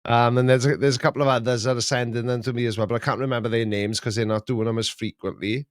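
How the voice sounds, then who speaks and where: A man's voice: medium pitch, fairly even intonation, quick pace, dry recording, clean studio sound. A man hosting a casual live stream, chatting in a rambling, jokey way with many restarts. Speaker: host.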